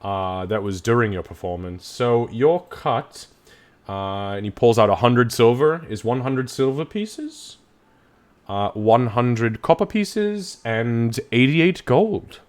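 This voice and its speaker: A man narrating as game master of a tabletop game, relaxed and chatty, voicing townsfolk as he goes. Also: mid-range voice, slow pace.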